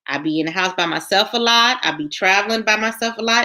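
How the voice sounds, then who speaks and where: A woman hosting a casual livestream reads viewers' comments aloud and chats in a lively way, often repeating herself. She speaks at medium pitch, fast, with hardly any pauses.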